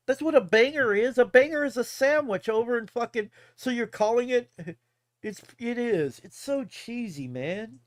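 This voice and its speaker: A man's voice: very high-pitched, very animated, moderate pace, dry recording, clean studio sound. A man in his forties ranting casually and profanely on a live stream, rambling and often laughing. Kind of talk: casual rant.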